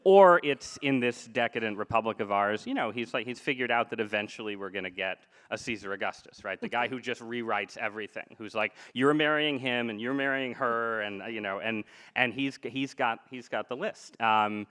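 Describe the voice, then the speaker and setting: A man's voice: lowish voice, brisk, hardly any pauses, fairly bright tone. Chatty man joking on a live stage. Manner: talkative, joking, many restarts. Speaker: podcast co-host. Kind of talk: live podcast debate. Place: stage before a live audience.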